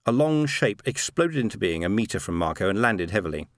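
Expressive male storyteller, dry close sound. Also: lowish voice, fairly quick, no echo. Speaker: narrator. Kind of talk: audiobook narration.

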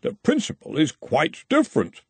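A man voicing a cheerful, genteel, self-satisfied rival wizard, pitched well above his own voice. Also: wildly swooping pitch, moderate pace, vocal fry, breathy edge, dry recording, heavily acted. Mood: smooth. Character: smooth, cheerful, smug rival male wizard.

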